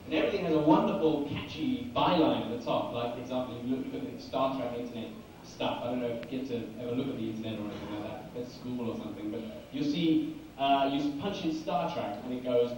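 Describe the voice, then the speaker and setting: A man's voice: medium pitch, quick pace, darkish tone, distant mic. A man not from America answering fan questions on a convention panel, rambling and self-deprecating with an amused tone. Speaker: convention guest actor. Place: large convention hall. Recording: echoey hall mic, noisy.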